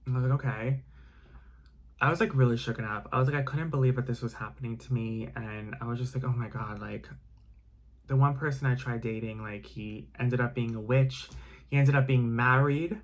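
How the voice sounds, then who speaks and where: A young man recounting a frightening personal story in an emotional storytime delivery. He strings his sentences together with constant "like" fillers and restarts, his pitch sitting mid-range. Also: fairly even intonation, a little fast. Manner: emotional, heavy use of "like" fillers. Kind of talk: dramatic storytime retelling.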